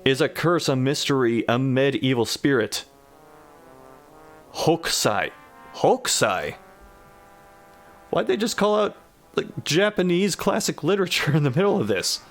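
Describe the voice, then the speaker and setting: A man giving a deadpan comic reading of an absurd story and breaking in with wry asides. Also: on the high side, moderate pace, soft background music. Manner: dry, wry commentary. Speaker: reader of a generated story.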